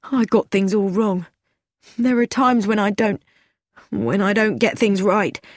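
A woman's voice: medium pitch, a little slow, no room sound, clean studio sound, natural voice. A woman reading an audiobook, voicing a sad, anxious young man who pleads and pities himself. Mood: pleading. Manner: pleading, self-pitying.

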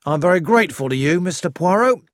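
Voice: mid-range voice, animated, fast, no room sound, studio quality, pitched above the performer's own voice, natural voice. A reader voicing an eager, polite police inspector who speaks up emphatically.

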